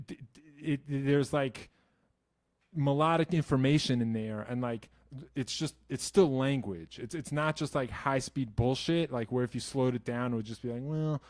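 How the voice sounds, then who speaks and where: Man from New Jersey, young adult, musician host; middle pitch, dry close sound, swears a lot, restarts mid-thought. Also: no echo. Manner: profane, animated, self-mocking, many restarts. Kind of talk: casual Q&A chat.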